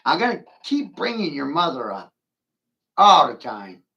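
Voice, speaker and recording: A gravelly man drawls through a rambling, taunting monologue. His pitch swings up and down as he mocks and curses, and he laughs at his own jokes. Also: very animated, unhurried, sharp tone, lo-fi sound. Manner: brash and profane. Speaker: vlogger ranting to camera.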